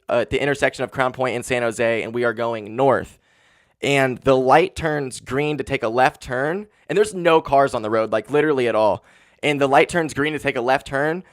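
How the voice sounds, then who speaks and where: A man's voice: mid-range voice, dry recording. A man in his twenties talks alone into a handheld podcast mic, his mid-range voice dry and close. He is candid and heavy with grief, swears often, and leans on "like" and "um" as he talks. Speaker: podcast host. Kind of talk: casual solo podcast monologue.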